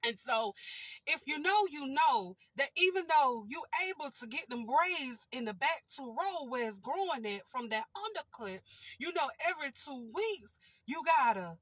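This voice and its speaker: A woman's voice: high-pitched, animated, moderate pace, a bit bright, dry recording, poor audio. Giggly woman telling a funny story. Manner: giggly, keeps fighting back laughter; chatty, repeats and restarts. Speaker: vlogger. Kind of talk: casual storytelling.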